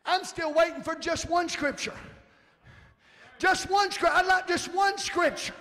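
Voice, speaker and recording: A male preacher with a strikingly high, gravelly voice, preaching fervently and rising into emphatic shouts. His sermon rings out with a long reverb through a church sanctuary. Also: steady tone, a little slow.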